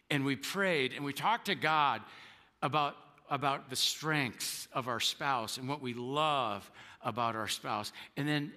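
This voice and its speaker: A man preaching a sermon as pastor, earnest, stumbling over repeated words and playing out quoted spouses with sudden high outbursts. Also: in a large hall. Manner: earnest, repeats words when starting sentences; acts out quoted spouses with sharp jumps in pitch.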